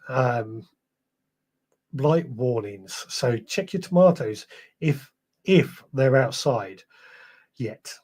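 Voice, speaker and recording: A warm-toned man of medium pitch hosts a podcast live stream, reading viewer comments aloud. He rambles and chats, corrects himself along the way, and comes across a bit tired.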